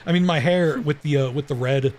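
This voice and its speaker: A young American man hosting a stream, chatting casually and making crude jokes. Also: a little high. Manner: joking, crude and laughing often. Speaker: streamer host. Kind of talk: casual chat.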